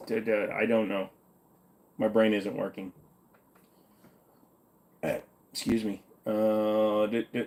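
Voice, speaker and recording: A man's voice: fairly low pitch, a little mellow, a little hiss or hum. A man hosting a livestream, reading viewer questions aloud and answering them offhand in casual, jokey chat with the odd swear.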